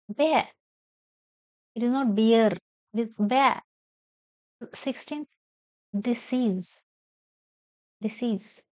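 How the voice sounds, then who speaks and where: A woman teacher with an Indian English accent gives a classroom pronunciation lesson, repeating words slowly and spelling them out letter by letter. Her voice is fairly high-pitched, with no echo and the highs cut off.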